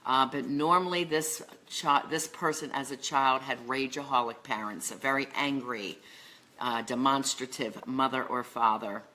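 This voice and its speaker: A woman's voice: very deep voice, moderate pace, bright, forceful tone, slight background noise. A middle-aged woman life and love coach, talking earnestly to camera about relationships, with lists and filler words. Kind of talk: solo talk to camera on relationships.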